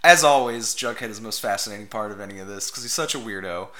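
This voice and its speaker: Man, podcast co-host, casual movie recap, easygoing, wry, bright voice. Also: on the low side, quick pace. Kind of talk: casual movie-review chat.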